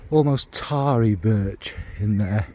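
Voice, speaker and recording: A man from Northern England speaks slowly in a warm, fairly low voice, giving a casual spoken fragrance review. His talk drifts as he reaches for descriptive words, and he's blunt, with the occasional swear.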